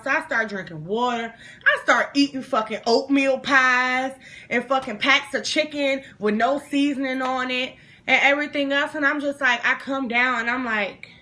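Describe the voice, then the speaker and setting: A young woman vlogger telling a story to camera in a casual, animated way, acting out the voices and swearing freely. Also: high-pitched, normal speed. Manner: animated, acts out every voice in her story. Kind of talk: storytime monologue.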